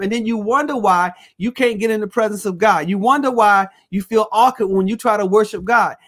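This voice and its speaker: A man's voice: high voice, a bit bright. A male pastor teaching a Bible study, preaching with call-and-response phrases and reading scripture aloud.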